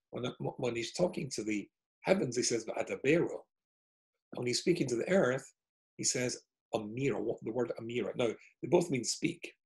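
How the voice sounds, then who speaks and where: A man's voice: mid-range voice, vocal fry, a little mellow, low-quality recording. A man, a rabbi, giving a chatty online Torah lesson over a video call, thinking aloud as he works through the text on a shared screen. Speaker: rabbi teaching a weekly Torah class.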